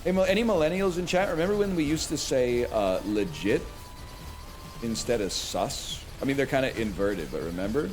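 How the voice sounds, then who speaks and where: Animated rambling man in his thirties. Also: mid-range voice, moderate pace, a little hiss or hum. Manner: rambling, joking, wanders off on tangents. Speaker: streamer. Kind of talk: casual chat while playing a video game.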